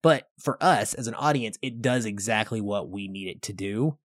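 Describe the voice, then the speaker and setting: A man co-hosting a casual film podcast, talking in an animated way and acting out quoted lines. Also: fairly low pitch, normal speed, no room sound, studio quality. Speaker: podcast co-host.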